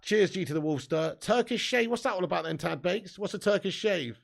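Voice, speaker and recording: A gravelly, fry-laden English man hosts a live football watch-along, voice pitched a little high for a man. He banters with his chat, reads comments aloud and laughs often. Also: expressive, fairly quick. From England. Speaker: live stream host.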